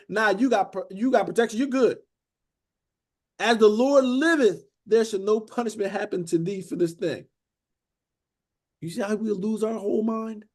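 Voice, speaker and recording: A man teaching a Bible study in a conversational sermon style, breaking in to act out the characters and often saying "beloved" and "okay?". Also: high voice. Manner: animated, acts out characters, frequent "beloved" and "okay?".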